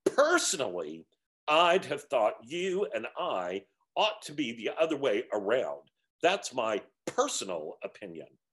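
A man's voice: medium pitch, big pitch swings, measured pace, a bit bright. A man voicing a big, resentful male ghost in a story reading, speaking in a raised, strained, indignant voice. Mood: aggrieved.

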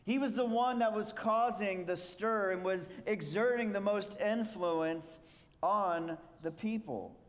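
Guy preaching w a pretty high voice, chatty explaining style, big echoey hall sound. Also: slow. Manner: explanatory, conversational, asks rhetorical questions. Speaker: pastor. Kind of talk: sermon.

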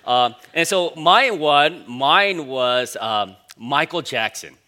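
Bright-voiced pastor man preaching. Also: a little high, expressive, takes it slowly. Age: 40s. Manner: conversational, storytelling, many fillers. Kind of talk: sermon.

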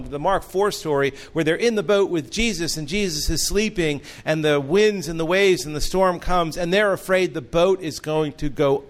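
A man preaching a sermon, earnest and storytelling, with humorous asides. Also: on the high side. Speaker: pastor.

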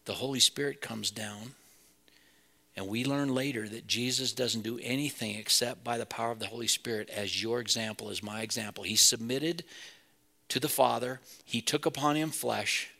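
A man's voice: mid-range voice, normal speed, gravelly, sharp tone. A man preaching a sermon as pastor, earnest and building to emphatic peaks.

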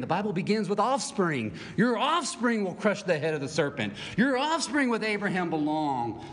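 A man preaches with a lively, swooping delivery, his voice sitting a bit high. It rings through a church hall with a long tail of reverb. Faint ambience hums underneath. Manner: animated preaching with asides and laughs. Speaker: pastor. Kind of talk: sermon. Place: church sanctuary.

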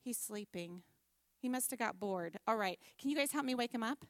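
A woman's voice: fairly high pitch, expressive, normal speed, dry recording, clean studio sound. A woman leading a children's church lesson, upbeat and encouraging as she guides the kids through a memory verse. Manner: warm-hearted, upbeat teacher, leads group recitation. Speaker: children's ministry leader.

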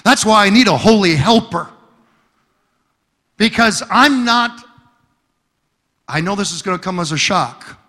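Animated preacher in an echoing hall. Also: male voice, high voice, unhurried, long pauses. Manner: storytelling with humor and emphatic repetition. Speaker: pastor. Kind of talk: sermon.

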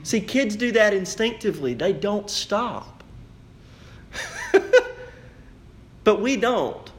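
Man, pastor preaching, high voice, rhetorical questions. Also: lively intonation, a little slow, a little hiss or hum. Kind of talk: sermon.

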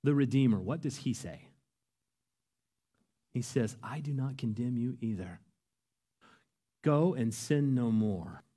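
A man preaching a sermon, earnest and emphatic, his voice rising to loud peaks. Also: mid-range voice, animated, slow pace, pauses often. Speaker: pastor.

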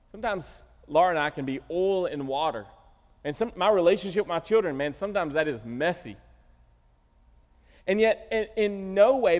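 A middle-aged man preaching a sermon as pastor, telling stories animatedly and acting out the quotes. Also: fairly high pitch. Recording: reverberant church hall.

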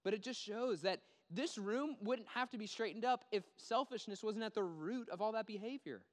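Male pastor, conversational sermon delivery, slightly high voice, hall echo. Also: moderate pace. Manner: conversational preaching with animated quoted voices.

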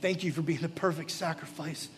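Earnest pastor with a higher voice. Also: male voice, steady tone, fairly quick, slight background noise. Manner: earnest, pleading, drops to soft intimate tones. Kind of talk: sermon with altar call and prayer. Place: church or youth gathering, live.

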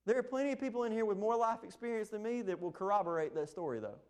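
A man's voice: sits high, animated, fast. A man, preaching a sermon in an impassioned, emphatic way. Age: 20s. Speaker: pastor.

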